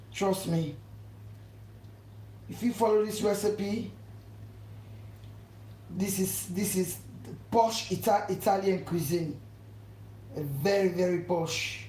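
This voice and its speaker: Broadcasting live from her home kitchen, this cooking channel host speaks in a warm, mid-range voice. She gushes and repeats herself, continually pressing viewers to subscribe, while faint household noise carries through the echoey room.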